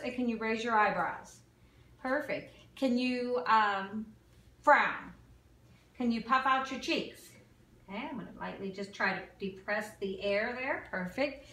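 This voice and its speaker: A woman's voice: a little high, a bit bright. A woman giving a clinical exam and talking a patient through each step, sometimes tripping over medical terms. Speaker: nursing student performing an exam. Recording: echoey room, mic far off.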